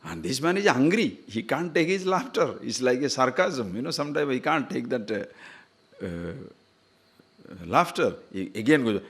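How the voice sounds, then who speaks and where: With a mid-range, sing-song voice that's a bit bright and breathy at the edges, a man speaking at normal speed delivers a spiritual discourse. He weaves in stories with chuckles and asks his audience questions.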